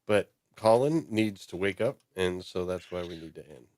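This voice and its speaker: Relaxed low-voiced male co-host, dry close mic. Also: normal speed, dry recording. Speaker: podcast co-host. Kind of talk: casual chat, signing off a stream.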